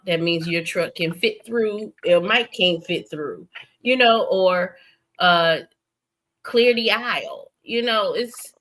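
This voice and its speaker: A woman hosting a late-night stream, talking casually and getting emphatic as she tells stories. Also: on the low side. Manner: animated, emphatic storytelling. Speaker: streamer host. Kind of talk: casual chat. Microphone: streaming setup.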